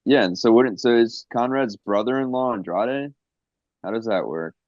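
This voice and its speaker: A man's voice: mid-range voice, moderate pace, a little mellow, no room sound, muffled recording. A man co-hosting a podcast, talking loosely and profanely with jokey asides. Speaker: podcast co-host. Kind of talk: casual chat.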